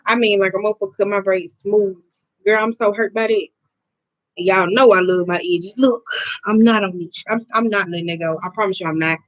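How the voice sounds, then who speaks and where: A woman giving a casual card reading to her viewers, blunt and profane, with emphatic, drawn-out repetitions. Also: mid-range voice, dry recording, rough recording. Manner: blunt, profane and expressive, talking straight to viewers. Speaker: oracle card reader.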